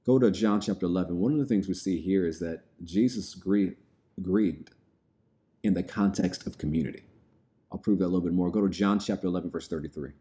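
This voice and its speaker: Male preacher, deep mellow voice, reads verses then unpacks them plainly. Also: fairly quick. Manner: reads scripture aloud then explains it plainly. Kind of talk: sermon.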